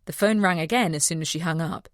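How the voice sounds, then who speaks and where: A woman reads a mystery novel aloud in steady narration. Her voice sits a little low. The recording is dry and close. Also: quick pace, no room sound. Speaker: audiobook narrator. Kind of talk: scripted narration.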